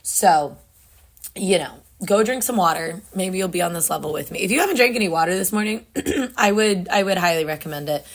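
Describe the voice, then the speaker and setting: A woman's voice: on the low side, expressive, fairly quick. A young woman hosting a casual solo morning podcast, chatty and self-deprecating, laughing often, still waking up without her coffee. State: just woke up, no coffee yet. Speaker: podcast host.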